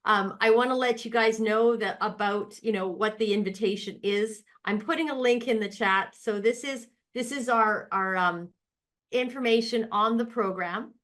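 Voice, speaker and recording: A woman co-hosting an online class, talking fast and upbeat as she wraps things up. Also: a little high, fairly bright tone. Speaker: co-host closing the class. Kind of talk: live online class talk. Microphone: video call.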